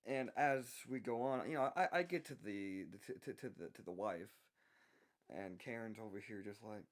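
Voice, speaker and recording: Young Southern man, lowish voice, soft-spoken storyteller, halting restarts. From American South. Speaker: voice actor telling a work story. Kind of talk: unscripted storytelling.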